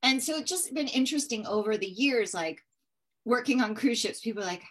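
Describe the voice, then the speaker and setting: A woman guest in an interview telling a story in a casual way, animated and acting out the dialogue in it. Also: on the high side, a little fast. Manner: animated, persistent, acts out dialogue.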